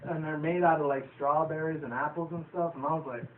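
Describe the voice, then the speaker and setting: A man's voice: a little high, fairly even intonation, a little fast. Male vlogger, casual rambling recap, profane, chuckly; tinny phone-like audio with faint background hiss. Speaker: vlogger reviewing a cartoon episode. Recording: tinny lo-fi, echoey, distant from the mic.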